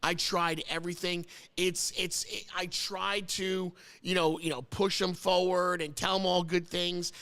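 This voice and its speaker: A man's voice: high voice, little pitch movement, a little slow, few pauses, pushed and bright, clean tone. A man from New Jersey hosting a casual chat, telling a long story in a rambling way, often repeating words and getting choked up. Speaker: host.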